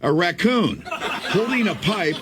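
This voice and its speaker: Guy reading a tv news report, measured newsy tone, noisy broadcast clip. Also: high-pitched, animated. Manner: measured newsreader delivery. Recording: news clip with background noise.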